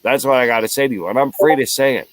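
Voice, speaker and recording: A man's voice: medium pitch, fast, no room sound. A man hosting his own show, delivering an angry, profane solo rant full of repeated lines. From United States. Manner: profane, heated, repetitive. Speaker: show host.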